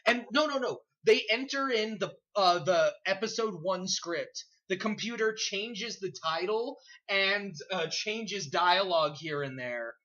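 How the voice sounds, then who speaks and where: A man's voice: high-pitched, animated, unhurried, hardly any pauses, sharp tone, distant mic. A man co-hosting a casual podcast chat, laughing and mocking sitcoms as he talks. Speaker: podcast co-host. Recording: dull lo-fi audio.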